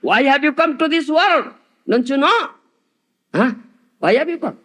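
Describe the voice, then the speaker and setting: Within a scripture lecture, a man performs a full character voice for a stern male sage, pitched well above his own, very high, pushed and bright with big swings at normal speed. The sage scolds grieving women and keeps repeating his insults.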